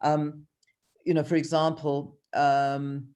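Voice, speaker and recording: Brief: low-pitched woman author, reads her prose aloud, hesitant in chat, video call. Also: flat delivery, takes it slowly, a little mellow, clear, resonant tone. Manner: hesitant, with many ums and restarts in chat. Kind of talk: reading her novel aloud and chatting.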